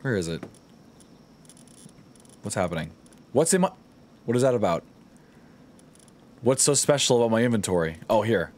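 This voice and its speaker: A man's voice: fairly low pitch, lively intonation, moderate pace, long pauses, a little hiss or hum. A man streaming a game live, joking and swearing as he talks to his chat and the game characters.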